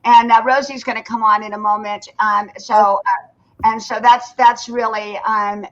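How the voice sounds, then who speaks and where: A woman's voice: a little high, fairly even intonation, measured pace, muffled recording. An older woman hosting a casual live stream from her porch, chatty and greeting viewers by name. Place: home porch.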